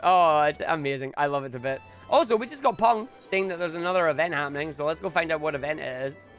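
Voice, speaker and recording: A young man chatting casually on a live stream, excitable and prone to loud bursts of enthusiasm. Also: fairly high pitch, fast talker, faint music behind.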